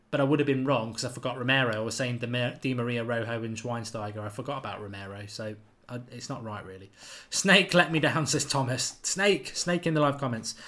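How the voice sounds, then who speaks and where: A man hosting a live football quiz stream, chatting casually and quickly reading out viewers' names and answers. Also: medium pitch, bright, forceful tone. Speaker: football channel host running a live quiz.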